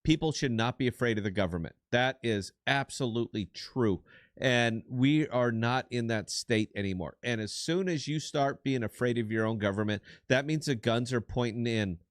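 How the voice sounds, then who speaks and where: A man's voice: medium pitch, moderate pace, no echo. Middle-aged man, podcast co-host, blunt profane rant, dry close sound. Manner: blunt, profane, emphatic ranting. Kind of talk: heated political commentary.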